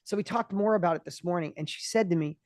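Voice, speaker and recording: A man in his fifties, a guest entrepreneur in an interview, talking with passion and often restarting his words when excited. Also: sits high, dry recording, studio quality. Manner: passionate, acts out other people's voices in quick bursts. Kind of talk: energetic interview conversation.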